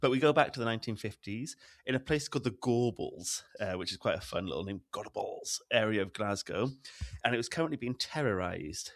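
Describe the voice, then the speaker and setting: A man's voice: fairly low pitch, lively intonation, fairly quick, no echo, clean studio sound. A man from Britain cohosting a casual chat podcast, laughing often and teasing himself. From Great Britain. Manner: giggly, self-deprecating, laughs often. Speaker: podcast co-host.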